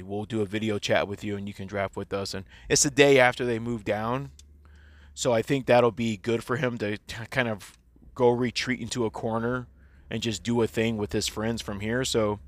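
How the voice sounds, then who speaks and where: A man's voice: medium pitch, a bit bright, dry recording. A man in his forties, a teacher, talking casually and candidly in a personal audio diary, rambling and swearing freely.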